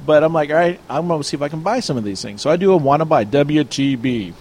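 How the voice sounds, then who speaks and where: A man's voice: fairly high pitch, lively intonation, fast, darkish tone. A man chatting casually, telling a long story and acting out both sides of an argument. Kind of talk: casual chat.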